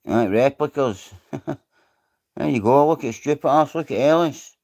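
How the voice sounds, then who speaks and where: A man's voice: medium pitch, a little slow, darkish tone. A man with a Scottish accent hosting a casual live stream, rambling, swearing freely and greeting viewers by name. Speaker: livestream host.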